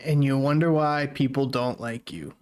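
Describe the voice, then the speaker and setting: A man's voice: mid-range voice, fairly even intonation, moderate pace, darkish tone, a little hiss or hum. A man hosting a reaction video, adding sarcastic, mocking commentary.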